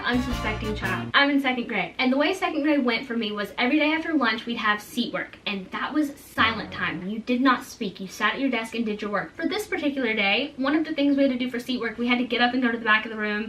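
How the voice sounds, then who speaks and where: Young woman telling stories on her vlog, lively and self-mocking, kinda high voice, mic a little far off. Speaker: storytime vlogger. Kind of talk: casual storytelling.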